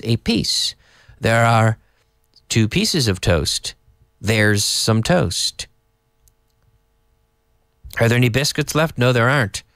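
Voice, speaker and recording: A man teaching a live online English lesson, explaining slowly and adding Spanish glosses. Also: mid-range voice, fairly bright tone, dry recording, studio quality.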